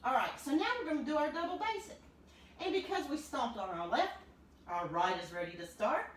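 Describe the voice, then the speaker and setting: Lively woman teaching clog steps. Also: high voice, brisk, recorded from a distance. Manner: upbeat, counts beats aloud while stomping. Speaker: clogging dance teacher. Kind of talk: demonstrating a dance lesson. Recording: roomy, from off the mic, noisy.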